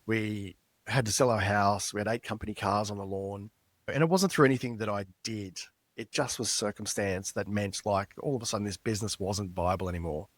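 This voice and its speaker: A man's voice: lowish voice, a little fast, dry recording. A middle-aged man, a podcast guest telling a personal story in an earnest, reflective way. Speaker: guest author. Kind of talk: storytelling interview.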